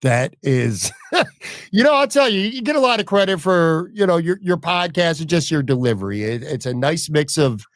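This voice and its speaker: A man's voice: on the high side, very animated, moderate pace, no echo, clean studio sound. A man hosting a casual podcast interview, asking long rambling questions with speech. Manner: chatty, rambling questions with fillers. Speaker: podcast host.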